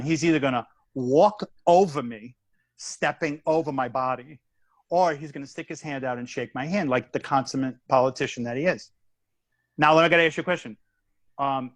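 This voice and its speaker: A man, a guest comedian, telling a story in a casual chat, animated and acting out the voices and the punchline. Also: mid-range voice, dry recording. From United States.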